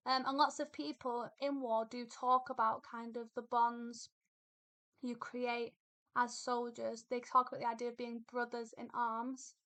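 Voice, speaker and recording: Woman teacher, higher voice with a bright edge, patient explanatory lesson delivery. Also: flat delivery, measured pace. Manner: explains patiently, thinking aloud with fillers and repetitions. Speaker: English literature teacher. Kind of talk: recorded poetry lesson.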